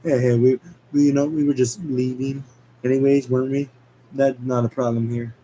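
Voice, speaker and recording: A man's voice: medium pitch, little pitch movement, moderate pace, mellow, a little hiss or hum, close to an everyday voice, poor audio. A man reading a script aloud, voicing a dry, sarcastic grown man in his own plain voice. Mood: nervous.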